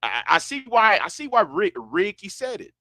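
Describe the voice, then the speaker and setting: A man's voice: sits high, big pitch swings, moderate pace, bright, forceful tone, no room sound, studio quality. A man chatting casually and rambling, often stumbling and restarting his words, with a broad sound. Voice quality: stammering, many restarts. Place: Houston, Texas.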